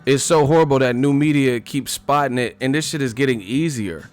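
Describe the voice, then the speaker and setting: A man's voice: medium pitch, fairly quick, faint music behind. A man giving a blunt, repetitive boxing rant on a live stream, full of profanity and emphatic asides. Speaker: boxing commentator.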